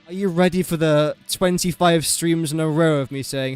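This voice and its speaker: A man's voice: fairly high pitch, fairly even intonation, normal speed, few pauses, clear, resonant tone, soft background music. A young man casually commentating his gameplay on a livestream, chatty and joking at his own expense. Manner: chatty, self-mocking, joking asides. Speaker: gaming livestreamer.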